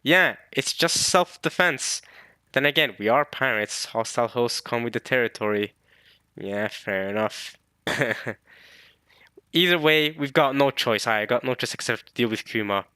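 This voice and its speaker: A young man hosting a manga reaction video, excitable and slangy, laughing often. He talks into a close mic. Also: mid-range voice, unhurried, clear, resonant tone, no echo. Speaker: reaction channel host.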